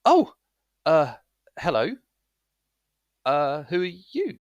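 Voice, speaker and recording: A man's voice: a little high, huge pitch swings, normal speed, bright, forceful tone, no room sound, lo-fi sound, pitched above the performer's own voice, heavily acted. A man playing a stammering, flustered young villager. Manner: stammering, apologetic, hesitant.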